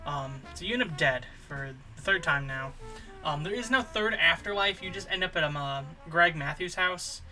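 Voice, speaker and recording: A man spinning an improvised comic ramble, his voice very bright and a touch high. He keeps restarting and filling gaps with um's as he goes. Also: expressive, normal speed, faint music behind. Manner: rambling, full of fillers and restarts. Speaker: comedy channel host.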